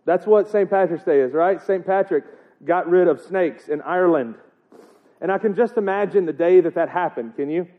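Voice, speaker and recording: A man's voice: high-pitched, normal speed. A man preaching in a casual, joking way, often asking the congregation rhetorical questions. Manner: joking, chatty, asks the crowd rhetorical questions. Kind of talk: casual sermon. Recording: tinny phone-like sound.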